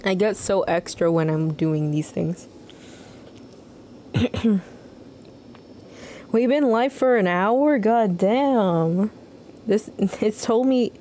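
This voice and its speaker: A woman's voice: mid-range voice, slow, long pauses, dark tone, a little hiss or hum. Slangy, swearing young woman streamer. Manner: profane, slangy, joking. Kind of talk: live gameplay commentary.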